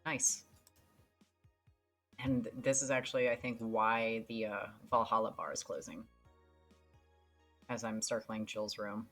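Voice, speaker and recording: A woman's voice: extremely low pitch, fairly even intonation, a little slow, long pauses, fairly bright tone, soft background music. A woman streamer giving casual, offhand commentary while playing a game.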